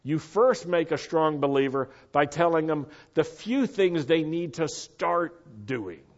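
An American man preaching a sermon, earnest and emphatic, slowing down to stress his key points. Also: on the high side, lo-fi sound.

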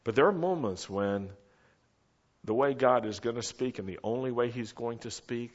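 A man preaching a sermon in a slow, measured way, his voice dropping almost to a whisper on quiet phrases and rising for emphasis. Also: medium pitch, highs cut off.

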